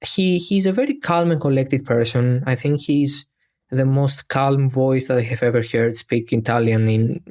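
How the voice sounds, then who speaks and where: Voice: mid-range voice, moderate pace, a little mellow. A speaker in their twenties hosting a casual podcast interview, hesitant and often repeating words while thinking. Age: 20s. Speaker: podcast host.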